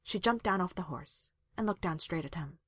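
A woman reads a romance story aloud, measured and expressive. Her voice is breathy and fairly low, with lively rises and falls. The sound is dry and close. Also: dry recording. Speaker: fan fiction reader.

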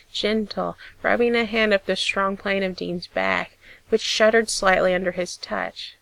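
A woman narrating a story in a measured, expressive reading style on a close mic. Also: medium pitch, gravelly, no room sound. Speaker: audiobook reader.

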